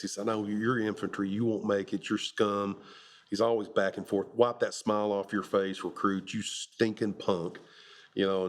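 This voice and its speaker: A middle-aged man from Kentucky, a Marine veteran, telling relaxed stories with a chuckle in an oral history interview. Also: lowish voice. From Kentucky, USA. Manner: relaxed anecdotal storytelling with chuckles.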